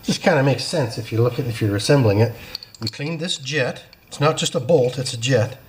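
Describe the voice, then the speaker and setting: A man with an average-pitched voice chats his way through a small-engine repair in his workshop, explaining each step as he goes. He is easygoing and self-deprecating. Faint clinks of tools and metal parts sit under his voice. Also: brisk, background noise. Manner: self-deprecating, apologetic asides. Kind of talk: casual hands-on repair walkthrough.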